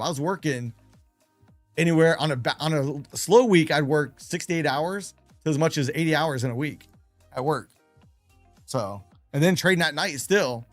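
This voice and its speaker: A man's voice: a little high, no room sound. A man telling stories casually on a live trading stream, chatty, laughing between anecdotes and repeating phrases for emphasis. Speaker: day trader and live streamer.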